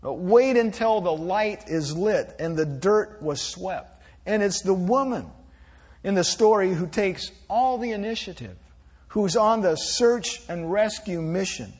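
A male pastor preaching a sermon in a gentle, reflective way, with small restarts as he speaks. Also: sits high, expressive, measured pace, slightly rough.

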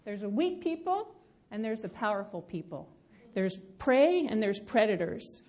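A woman's voice: mid-range voice, very animated, measured pace, a little mellow. Woman doing a blunt, stern businessman father.

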